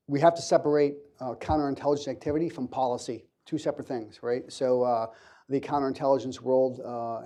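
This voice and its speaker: A man, a government counterintelligence official, answering questions on a conference panel in a measured way with frequent fillers and restarts. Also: medium pitch, warm tone. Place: conference hall.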